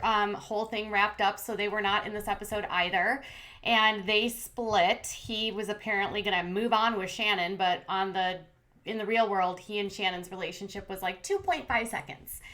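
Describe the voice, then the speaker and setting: A woman's voice: mid-range voice, a bit bright. A woman hosting a commentary channel, recapping a reality show in a chatty, sarcastic way with plenty of fillers.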